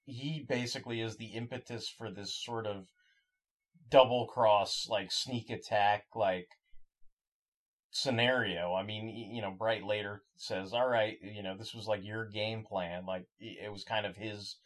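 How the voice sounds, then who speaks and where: A man co-hosting a podcast in casual chat, halting with many restarts and fillers. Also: on the low side, fairly even intonation. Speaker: podcast co-host.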